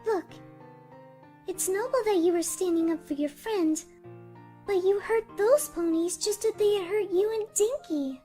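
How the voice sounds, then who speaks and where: A woman voicing a gentle mother mare. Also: very high voice, measured pace, soft background music. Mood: comforting. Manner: soft and soothing. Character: gentle soft-spoken mother mare, kind and patient. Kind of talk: fan-made animated film dub.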